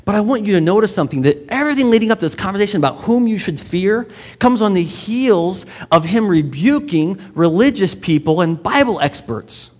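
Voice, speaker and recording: Husky-voiced pastor in a reverberant hall. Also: male voice, high voice, animated, fairly quick, darkish tone. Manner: conversational, quizzes the congregation directly. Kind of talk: sermon. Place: church sanctuary. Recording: long reverb of a large hall.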